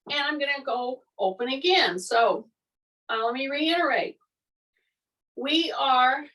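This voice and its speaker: Chatty high-voiced woman fitness instructor. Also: pushed and bright, recorded from a distance, rough recording. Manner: chatty, laughing, elevated teaching voice. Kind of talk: online fitness class instruction. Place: fitness studio. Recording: voice from away from the mic.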